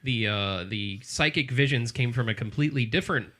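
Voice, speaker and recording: Bright-voiced man chatting on a podcast. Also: medium pitch. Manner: rambling, halting, many fillers. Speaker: podcast host. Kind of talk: casual chat about movies.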